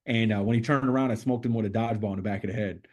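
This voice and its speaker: Middle-aged guy on a podcast, talks real fast, animated storytelling, swears a lot, does the voices. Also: lowish voice, highs cut off. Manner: animated storyteller who acts out quotes and swears freely. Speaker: podcast guest. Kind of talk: casual storytelling interview.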